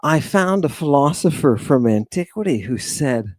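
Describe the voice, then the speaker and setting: A man's voice: a little high, animated, normal speed, a little mellow, no echo. A man hosting a lecture in a theatrical, rambling way. He keeps turning to his audience as "people". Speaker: lecture host.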